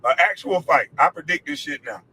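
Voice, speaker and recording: A man's voice: a little high, lively intonation, brisk, pushed and bright, slightly rough, rough recording. A man in a clip, ranting with heated, mocking, profane repetition. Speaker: former athlete in a clip. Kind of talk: profane rant.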